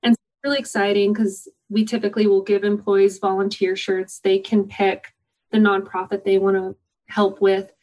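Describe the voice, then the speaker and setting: Woman guest, upbeat, eager storyteller, mid-pitched, everyday conversational read. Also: flat delivery, normal speed, darkish tone, low-quality recording. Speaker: guest, company volunteer program organizer. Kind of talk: conversational interview answers.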